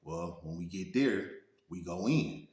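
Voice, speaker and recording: A man with a Detroit accent telling a street story in a relaxed, casual way, often asking "you know what I'm saying". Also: low-pitched, unhurried. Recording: roomy echo.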